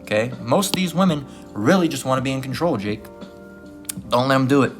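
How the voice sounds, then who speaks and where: A man's voice: mid-range voice, big pitch swings, brisk, faint music behind. Blunt, profane male street preacher. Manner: blunt, profane, repeats "all right" often. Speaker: religious teacher. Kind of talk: casual preaching lesson.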